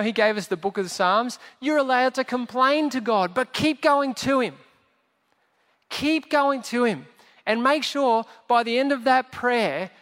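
A man preaching a sermon as pastor, animated and jokey, acting out quotes as he goes. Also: very high-pitched. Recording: long church hall reverb.

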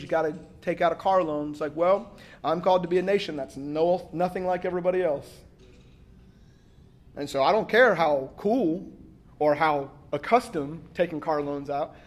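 A man's voice: on the high side, moderate pace. A man preaching a sermon as pastor, in a casual, joking way, acting out quotes and saying "like" a lot. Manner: casual, joking delivery with acted-out quotes and frequent 'like'.

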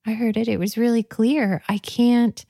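A woman giving a guided reflective talk, speaking softly and playfully, often dropping to a whisper. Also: fairly high pitch, fairly even intonation, normal speed, creaky, no room sound, studio quality. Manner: soft, playful, often drops to a whisper and laughs.

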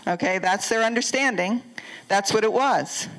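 A woman's voice: mid-range voice, normal speed, a bit bright, poor audio. An older woman pastor preaching a conversational sermon, asking the congregation questions as she goes.

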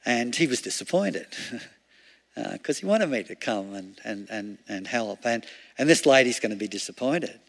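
A man's voice: mid-range voice, animated, normal speed, vocal fry. Man preaching in a reverberant hall. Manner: chatty, laughs often, rhetorical questions. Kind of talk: conversational sermon.

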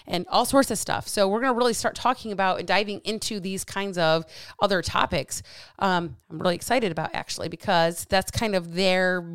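A woman's voice: medium pitch, clear, resonant tone, dry recording, studio quality. A woman hosting a solo podcast as a coach, talking bluntly with plenty of swearing and getting heated up. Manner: blunt, profane, fired-up; animated with hands.

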